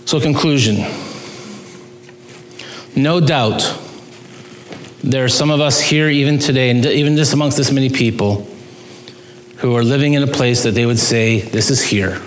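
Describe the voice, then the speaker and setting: A man's voice: mid-range voice, normal speed, pauses often, echoey room, a little hiss or hum. A man preaching a sermon as pastor, earnest and emphatic, with sudden rises and drops in his voice.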